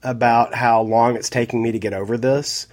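A man co-hosting a podcast in casual chat, a bit hoarse from a cold, rambling and wry. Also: medium pitch, steady tone, moderate pace. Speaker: podcast co-host.

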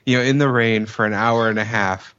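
A man's voice: on the low side, steady tone, brisk, fairly bright tone, clean tone, dull audio. A man co-hosting a podcast, telling stories about himself with self-mocking humor. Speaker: podcast co-host. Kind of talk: casual chat.

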